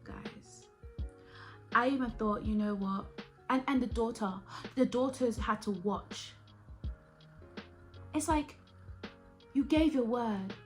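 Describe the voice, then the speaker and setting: A young woman chatting casually to camera, animated and acting out her own reactions as she reviews a TV series. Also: fairly high pitch, takes it slowly, long pauses, faint music behind.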